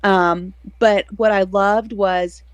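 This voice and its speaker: A woman's voice: medium pitch, fairly even intonation, slow, clear, resonant tone, no room sound. Chatty woman podcaster, dry close sound. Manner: chatty, rambling, laughs often. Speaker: podcast co-host. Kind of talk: casual chat.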